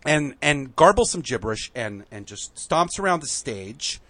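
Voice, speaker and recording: A man telling a story on a podcast, acting out the quotes with lively shifts and growing emotional at moments. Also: medium pitch, moderate pace, no echo. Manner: animated, acts out quotes, emotional at times. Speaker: guest.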